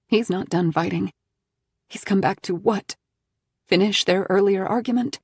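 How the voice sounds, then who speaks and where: Husky-voiced woman narrating a thriller. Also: mid-range voice, measured pace, long pauses, darkish tone, no echo. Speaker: audiobook narrator.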